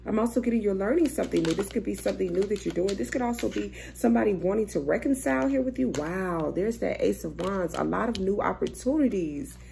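A woman's voice: mid-range voice, fast, creaky, hardly any pauses, mellow, a little hiss or hum. A young woman doing a casual, chatty tarot reading, swearing freely and thinking aloud as she turns cards. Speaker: tarot reader.

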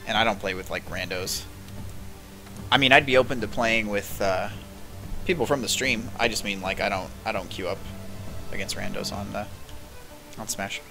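A man's voice: lowish voice, moderate pace, creaky, pauses often, over music. A man in his twenties streaming a video game, chatting casually in a rambling, laid-back way with lots of fillers and the odd swear. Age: 20s. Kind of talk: casual chat while streaming.

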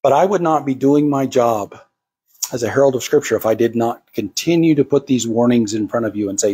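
Husky-voiced man preaching a sermon. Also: medium pitch, fairly quick, dark tone. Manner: acts out quoted voices. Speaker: pastor.

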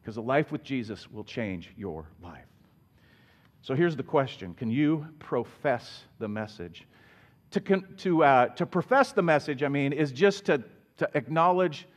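Animated male pastor preaching. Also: medium pitch, a little slow. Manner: lively preaching with acted-out quotes and plain asides. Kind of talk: sermon. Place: church sanctuary.

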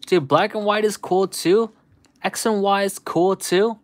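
A man's voice: sits high, steady tone, measured pace, no echo. A man hosting a livestream, chatting casually and nostalgically with viewers, rambling and saying "dude" a lot. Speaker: livestream host. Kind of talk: casual chat with live viewers.

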